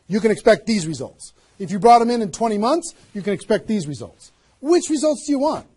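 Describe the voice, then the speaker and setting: A network marketing trainer gives an energetic, emphatic motivational seminar talk, firing rhetorical questions at the live audience. His voice is very high-pitched with a breathy edge.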